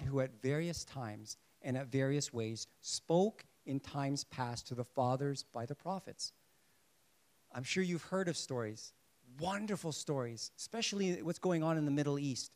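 A man delivering a sermon with a fairly high voice. He preaches in a lively way, putting questions to the congregation and slipping in jokes. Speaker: pastor.

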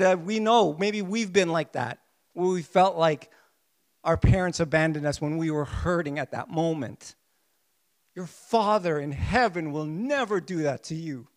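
A male pastor with a high voice delivers an impassioned sermon. He acts out heartfelt prayers and swings from hushed pleading to loud, emphatic bursts. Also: normal speed.

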